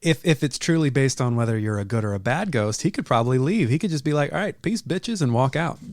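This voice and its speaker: A man's voice: medium pitch, expressive, fast talker, dry recording, studio quality. A man co-hosting a casual book-discussion podcast, giving laid-back, jokey asides and short agreeing replies. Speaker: podcast co-host.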